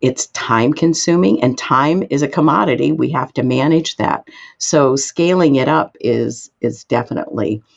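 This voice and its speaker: A woman guest expert answering interview questions, explaining in an emphatic way with sudden lifts in pitch. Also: normal speed, gravelly, dull audio.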